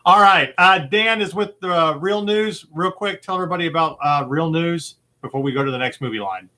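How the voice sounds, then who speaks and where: A man's voice: fairly high pitch, fairly quick, bright, forceful tone. A man hosting a casual movie-quote game show, easygoing and rambling, with lots of fillers and chuckles. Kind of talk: casual chat.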